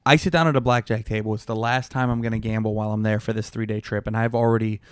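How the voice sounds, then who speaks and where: A man co-hosting a podcast, telling an animated, profane story in casual chat. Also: on the low side, quick pace, clear, resonant tone, no echo, clean studio sound. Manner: animated storytelling, heavy swearing. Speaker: podcast co-host.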